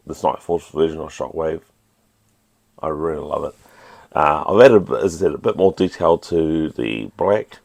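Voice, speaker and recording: Deep gravelly New Zealand man. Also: a little mellow. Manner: chatty, self-deprecating. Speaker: toy collector channel host. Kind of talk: casual hobby vlog.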